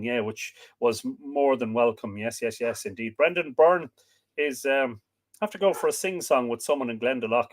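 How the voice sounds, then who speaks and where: An Irish man hosting a livestream, casually reading out and answering viewer comments with many fillers. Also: medium pitch. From Ireland. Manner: chatty, reads out names and greetings with frequent fillers. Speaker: livestream host. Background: dog barking at times.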